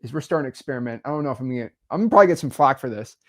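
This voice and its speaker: A young man hosting a casual podcast chat, energetic and emphatic, full of slang. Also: mid-range voice, very fast. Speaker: podcast host, real estate investor.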